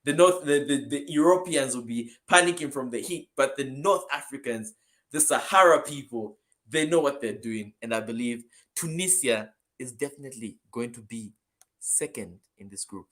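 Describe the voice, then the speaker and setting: A co-host from Zambia joins a casual football prediction chat over a video call, speaking at normal speed in a mid-range voice. He is energetic and emphatic, moving between loud bursts and softer asides.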